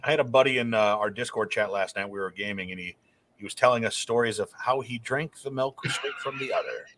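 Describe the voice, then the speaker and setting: A man's voice: lowish voice, brisk, a bit bright. A man co-hosting a casual podcast, chiming in with jokes and comparisons. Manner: jokey, chimes in with comparisons. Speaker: podcast co-host.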